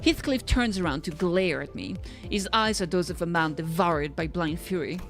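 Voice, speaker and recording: A woman's voice: fairly low pitch, moderate pace, faint music behind. A woman streamer reading a game's story aloud, sometimes stumbling and correcting herself.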